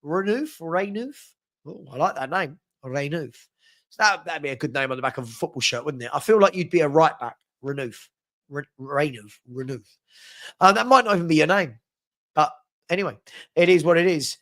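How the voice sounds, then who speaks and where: Casting: male live-stream host, slightly higher voice, playful and chatty, has a cold. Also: fast talker, fairly bright tone. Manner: chatty, playful, teasing, repeats himself. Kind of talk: casual live-stream chat reading viewer comments.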